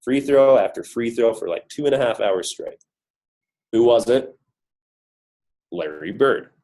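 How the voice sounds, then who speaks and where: This corporate guest speaker, sounding worn from a cold, delivers an upbeat motivational talk on a team call, emphatic and full of rhetorical questions. His medium-pitched, dark voice is expressive and a little slow. The recording is low quality.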